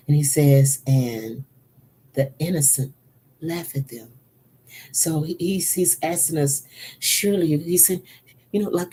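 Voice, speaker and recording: A woman's voice: on the low side, warm tone, a little hiss or hum. A woman prophet giving an earnest sermon, repeating phrases for emphasis and now and then dropping to a whisper. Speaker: prophet and preacher. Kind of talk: spoken sermon teaching.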